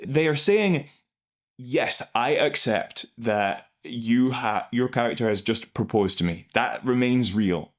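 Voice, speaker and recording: A man, an improv coach hosting, explaining scenes in an animated, enthusiastic way. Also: mid-range voice, takes it slowly. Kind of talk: reaction and analysis commentary.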